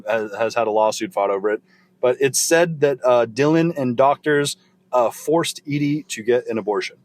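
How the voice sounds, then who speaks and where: Male podcast host, casual and salty storyteller, mid-pitched. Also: normal speed. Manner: profane, loose, recounting from notes.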